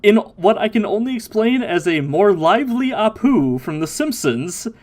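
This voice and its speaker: A man hosting a relaxed podcast, recapping an episode with lively energy. He laughs often and drops into playful bits of mimicry. His voice sits a little on the high side. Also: normal speed. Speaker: podcast host. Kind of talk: casual recap chat.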